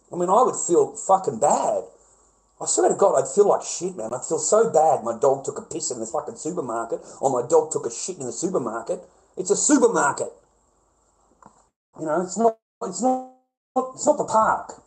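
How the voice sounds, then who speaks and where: A man with an Australian accent delivering an angry, profane rant to camera, often flaring into loud, high outbursts. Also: lively intonation, brisk, low-quality recording. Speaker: vlogger. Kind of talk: profane ranting monologue.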